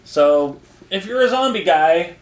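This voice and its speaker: A man's voice: high voice, animated, measured pace. A man co-hosting a podcast, chatting casually about comics in an easygoing way and chuckling often. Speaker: podcast co-host. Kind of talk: casual comic review chat. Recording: roomy echo.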